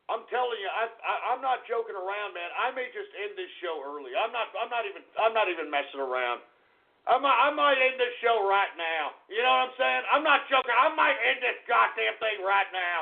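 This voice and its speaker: A man hosting a radio talk show, ranting in an irate, profane way and swinging between shouts and mutters. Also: high voice, lively intonation, fairly quick, gravelly. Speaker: radio host. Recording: tinny phone-like radio audio.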